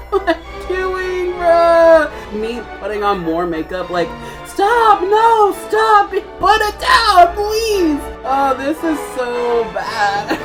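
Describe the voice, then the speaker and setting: A woman in her twenties chatting casually and giggling while painting her face in her bedroom, rambling and swearing freely. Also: fairly high pitch. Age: 20s. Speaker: vlogger.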